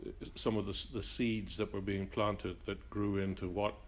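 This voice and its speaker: An older man from Northern Ireland with a blended Northern Irish and Rhodesian accent, answering interview questions in a reflective, halting way with frequent restarts. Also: lowish voice, little pitch movement. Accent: mixed Northern Irish and Rhodesian. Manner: halting, many restarts and fillers.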